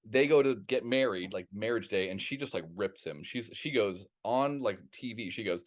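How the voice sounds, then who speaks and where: A man co-hosting a podcast, chatting casually and telling a story in a rambling, animated way with plenty of swearing. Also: fairly low pitch, moderate pace. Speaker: podcast co-host.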